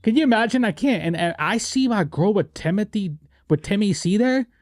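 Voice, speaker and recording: A young man with a slightly high but mellow voice hosts a relaxed movie review podcast. He jokes a lot and breaks into silly voices, and the sound is close and dry. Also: brisk, no room sound. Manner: animated, jokey, acts out quotes in silly voices. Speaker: podcast host. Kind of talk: casual movie review chat.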